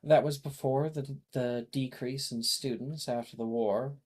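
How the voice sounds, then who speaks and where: A know-it-all schoolgirl who rattles off answers in a flat, matter-of-fact way, as a game master puts her on. The voice stays close to everyday speech and is unhurried. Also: mid-range voice, lightly acted.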